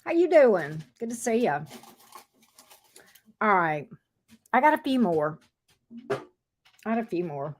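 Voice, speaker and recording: A woman in middle age hosts a relaxed livestream from her home office. She chats easily with viewers and answers their comments one by one. Her pitch swings up and down a lot as she talks. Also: slow, long pauses, a little hiss or hum. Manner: chatty, reads out and answers viewer comments, coos at her dog. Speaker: tarot reader and livestream host. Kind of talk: casual livestream chat with viewers.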